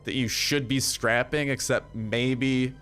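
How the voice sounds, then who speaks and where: A man's voice: medium pitch, steady tone, takes it slowly, fairly bright tone. Young male gaming YouTuber, loose filler-heavy jokey delivery, faint music bed underneath. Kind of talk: casual gameplay commentary.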